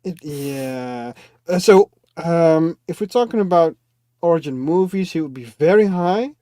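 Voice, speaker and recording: A man with a fairly high, mellow voice talks through his film picks, hesitant and quick to laugh. The recording is dry and close. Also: lively intonation, no room sound. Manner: laughs often, thoughtful, hesitant. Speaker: co-host. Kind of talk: casual chat about films.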